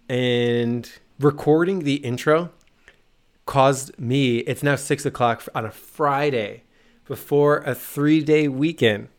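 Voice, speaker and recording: A man co-hosting a business podcast in casual, joking banter. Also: medium pitch. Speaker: podcast co-host.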